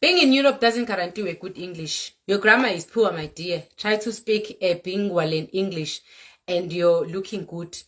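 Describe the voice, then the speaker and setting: A woman's voice: fairly low pitch, normal speed, fairly bright tone. A young woman from South Africa speaks with a South African accent, talking straight to camera in an emphatic, lecturing way. She keeps going back to the same points and drops in the odd Zulu word. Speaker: content creator. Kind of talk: direct-to-camera rant vlog.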